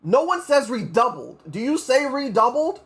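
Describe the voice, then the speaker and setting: A man's voice: very high voice, big pitch swings, normal speed. An American man reading a story aloud on a livestream, stumbling over words and breaking off to comment on them. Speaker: streamer.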